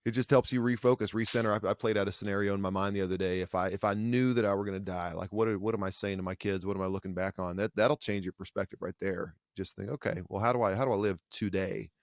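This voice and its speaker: A man's voice: fairly low pitch, fairly even intonation, no echo, clean studio sound. A man hosting a podcast, affirming his guest and thinking aloud. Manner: affirming, quick back-channel replies. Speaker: podcast host. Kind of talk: casual podcast conversation.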